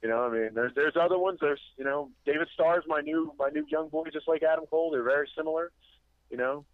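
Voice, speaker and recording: A man's voice: a little high, quick pace, no echo. A man, a wrestling promoter, telling road stories in a rambling casual chat, with many restarts and acted-out quotes. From Delaware. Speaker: podcast guest, wrestling promoter. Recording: dry tinny phone-line sound.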